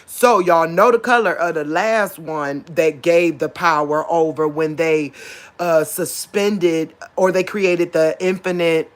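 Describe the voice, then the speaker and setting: A woman preaches straight to her viewers, like an informal sermon. She pushes her voice high and hard when she wants to stress a point. At other moments she drops to a soft, emotional murmur. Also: fairly even intonation, slow. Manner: repeats "real talk" and "you get what I'm saying". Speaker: online preacher. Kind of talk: informal spoken sermon to camera.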